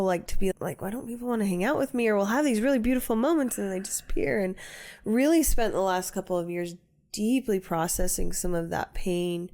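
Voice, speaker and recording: A woman co-hosting a casual spiritual podcast, telling stories and acting out the people in them. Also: mid-range voice. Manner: warm storyteller, acts out quoted people. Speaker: podcast co-host.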